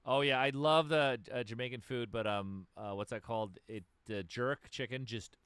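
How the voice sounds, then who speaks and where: A man's voice: medium pitch, steady tone, moderate pace, a bit bright, clear, resonant tone, dry recording. A man co-hosting a podcast in casual chat while playing a video game, stammering and swearing in a laid-back way. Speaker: podcast co-host.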